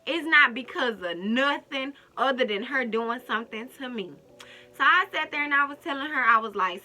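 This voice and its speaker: Bright-voiced woman telling a storytime. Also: sits high, moderate pace. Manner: animated, talks straight to viewers, acts out quotes. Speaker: storytime vlogger. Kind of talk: casual storytime to the camera.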